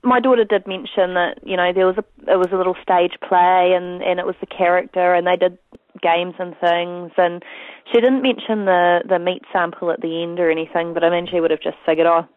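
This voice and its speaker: A woman's voice: lowish voice, steady tone, brisk, no room sound. Chatty New mother on a phone line. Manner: chatty, storytelling, full of "you know". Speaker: parent guest. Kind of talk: casual interview chat. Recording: tinny phone line, dry.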